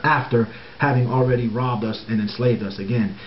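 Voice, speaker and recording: A man's voice: mid-range voice, fairly even intonation, normal speed. A man talking straight to camera in an emphatic monologue, insisting on his points and repeating words for stress. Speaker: political commentator. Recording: roomy, dull, faint hiss.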